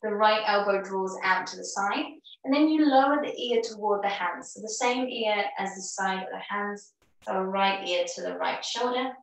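A woman teaching a yoga class, calmly cueing each breath and movement with warm encouragement. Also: mid-range voice, moderate pace, creaky, recorded from a distance. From Australia. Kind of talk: guided yoga class instruction. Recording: very echoey room, voice off-mic.

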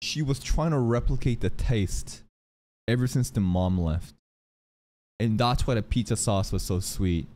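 A young man giving casual, excitable reaction commentary on an anime, swearing and joking as he talks. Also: lowish voice, a little slow.

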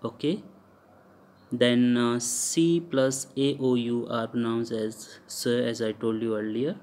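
A man with an Indian English accent teaching French pronunciation in a lecture, halting often with fillers and repeating example words. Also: mid-range voice, steady tone, a little mellow, slight background noise.

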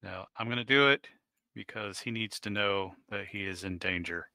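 A man talks bluntly at a tabletop game and swears freely. His voice is low and gravelly with a bright, hard edge. The sound is dry and close. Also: moderate pace, dry recording. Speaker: player. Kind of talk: casual tabletop game chat.

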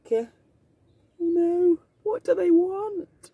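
A woman teacher reads a children's picture book aloud outdoors, gasping and laughing as she acts out each feeling. She talks very slowly, and her mellow voice swoops up and down. She sits some way from the mic, with faint noise behind her. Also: high-pitched, creaky, no room sound, distant mic. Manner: very slow, animated, acts out each emotion with gasps and laughs. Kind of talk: storybook reading for young learners. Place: outdoors in the mountains.

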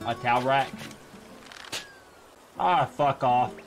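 A man's voice: medium pitch, slow pace. Young man, game streamer, casual commentary, profane, frustrated, music playing behind.

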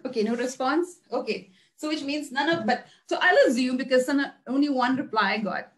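A woman teaching a class in a lively, questioning way, checking her listeners with "right?" as she goes. Her voice sits a little high and she repeats words while building each point. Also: brisk. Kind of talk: interactive online class talk.

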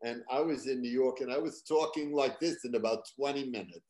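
An older man from Boston with a trained neutral American accent, a guest comedian telling stories in an interview and slipping into loud put-on local voices for punchlines. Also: mid-range voice, brisk. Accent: General American, trained out of Boston. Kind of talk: interview storytelling.

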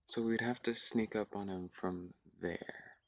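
A young man in casual gameplay commentary, thinking aloud in a hushed, often whispered voice, repeating himself as he works things out. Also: fairly low pitch, steady tone, a little slow, no echo, lo-fi sound. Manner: thinks aloud, repetitive and tentative. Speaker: gaming YouTuber.

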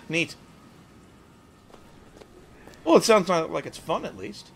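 A man's voice: fairly high pitch, big pitch swings, moderate pace, a bit bright, husky. A man giving casual, sarcastic commentary while playing a video game. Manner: sarcastic, joking asides. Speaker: let's play gamer. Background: game music.

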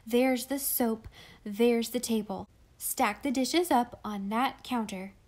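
A woman voicing a lively, teasing young woman in a read-aloud storybook. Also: fairly high pitch, takes it slowly. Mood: playful.

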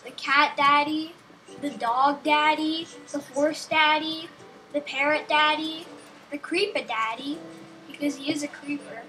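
A woman's voice: sits high, fairly even intonation, a little slow, sharp tone, soft background music, low-quality recording. A young woman giving casual, rambling gameplay commentary with a sarcastic streak, talking to herself and the game.

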